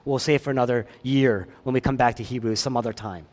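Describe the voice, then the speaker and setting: A pastor preaching a sermon, swinging between loud emphatic lines and hushed ones, with chatty asides to the congregation. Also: male voice, mid-range voice, fast talker.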